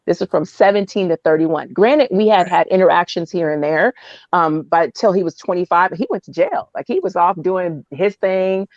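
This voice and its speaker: A woman's voice: moderate pace, no room sound, muffled recording. A woman from Oakland in her thirties, a podcast guest telling a long personal story with lots of laughter and quoted voices. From Oakland, California. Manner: animated, laughs often, acts out quotes in a high voice. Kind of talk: casual storytelling.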